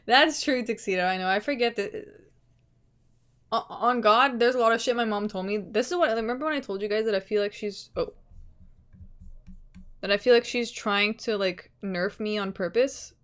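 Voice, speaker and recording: A young adult woman streamer chatting casually with her viewers, reading their comments, laughing often and trailing off softly at the ends of her thoughts. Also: mid-range voice, normal speed. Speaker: livestreamer.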